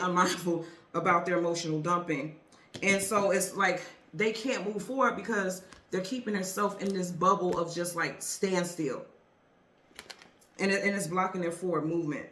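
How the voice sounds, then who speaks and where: A woman's voice: lowish voice, fairly bright tone, reverberant, a little hiss or hum. A middle-aged woman hosting a tarot channel, telling a story to viewers in a chatty, earnest way with fillers and restarts. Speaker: tarot reader and channel host.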